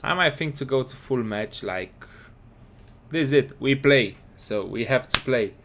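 A man with casually commentating his football game, excitable and scolding his players. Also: mid-range voice, measured pace, slight background noise. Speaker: gaming commentator.

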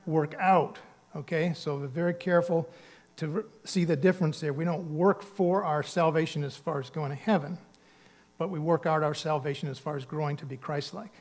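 A man's voice: on the high side, steady tone, a little fast, a little mellow. A man preaching a sermon as pastor, speaking earnestly and conversationally, with emphatic bursts on key words. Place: church sanctuary.

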